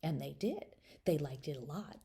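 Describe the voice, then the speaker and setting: Expressive woman reading a storybook aloud. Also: low-pitched, normal speed, vocal fry. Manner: playful, speaks straight to the listener, drops to whispers. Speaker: children's author reading her own book.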